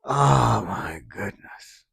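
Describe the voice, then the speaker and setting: Slow-talking sardonic man, profane podcast rant. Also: fairly low pitch, lively intonation, vocal fry, a bit bright, husky. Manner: profane, sardonic, rambling with fillers. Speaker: podcast host. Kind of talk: casual solo commentary.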